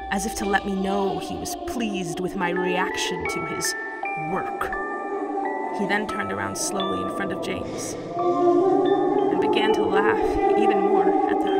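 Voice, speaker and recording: A woman narrating a first-person horror story in a dramatic, emotional reading style. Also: medium pitch. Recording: distant mic with loud background music.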